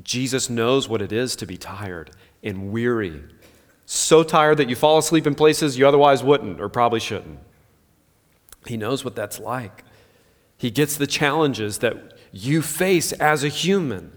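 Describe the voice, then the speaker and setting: A man's voice: medium pitch, expressive, a little slow. A pastor in his thirties giving an earnest, conversational sermon full of rhetorical questions. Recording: long hall reverb.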